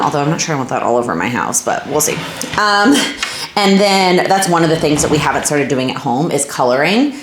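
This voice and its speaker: Low-voiced rambling young mom vlogger. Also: female voice. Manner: rambling, chatty, self-interrupting. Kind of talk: casual chat. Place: home, indoors. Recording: echoey room with faint noise.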